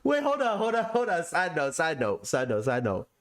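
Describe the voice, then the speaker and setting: Laid-back man chatting basketball, lively pitch. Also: normal speed. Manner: laid-back and slangy, laughs often. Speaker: podcast host. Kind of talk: casual sports chat with a live audience.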